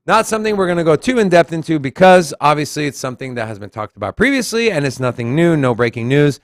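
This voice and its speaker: A man co-hosting a casual crypto news show, blunt and animated, reading and commenting on articles. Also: on the high side, fast talker, few pauses, no room sound, clean studio sound. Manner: blunt, animated, reads quotes aloud.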